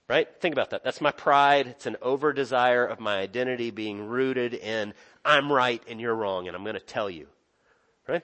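A man's voice: medium pitch, a bit bright. A man preaching a sermon as pastor, earnest, building emphasis and asking the congregation rhetorical questions.

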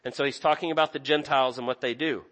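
A man's voice: mid-range voice, fairly even intonation, fast talker, fairly bright tone. A young man preaching a sermon in an earnest, conversational way, often restarting his sentences. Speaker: pastor.

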